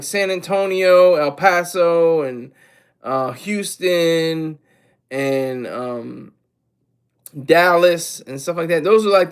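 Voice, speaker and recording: A man with a high-pitched voice hosts a casual livestream. He rambles with a lot of energy, restarts his sentences and keeps breaking off to talk to the chat. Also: clear, resonant tone. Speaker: livestream host.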